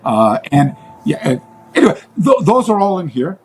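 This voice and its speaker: A man speaking as an interview guest in a casual chat, rambling and halting, with many fillers and restarts. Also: a little high, big pitch swings, slight background noise, low-quality recording.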